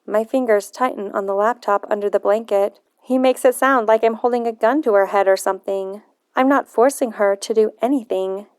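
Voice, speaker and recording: A woman narrating a novel in the first person, in earnest, measured storytelling. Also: fairly high pitch, a little mellow, clear, resonant tone, dry recording, studio quality. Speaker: audiobook narrator.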